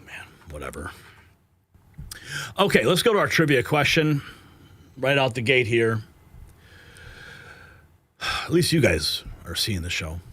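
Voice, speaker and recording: A man's voice: fairly high pitch, sharp tone, no echo. A man hosting a live political news stream, frustrated and agitated, sighing and swearing between headlines. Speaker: livestream news host.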